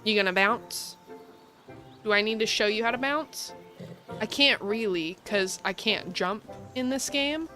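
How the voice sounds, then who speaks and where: A woman's voice: medium pitch, measured pace, pushed and bright. A woman giving playful, teasing commentary as she plays a video game. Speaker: gaming video creator. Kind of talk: casual gameplay commentary. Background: faint game music.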